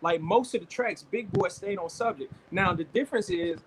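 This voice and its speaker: Give me a man calmly but firmly arguing on a podcast, with background hiss. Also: high-pitched, normal speed. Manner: laid-back but firm, swears casually. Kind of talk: casual debate.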